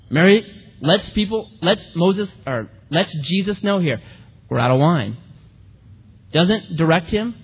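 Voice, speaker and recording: A man preaching a sermon in an animated way, acting out the voices of the people he quotes. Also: on the high side, husky. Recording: muffled recording in a reverberant hall.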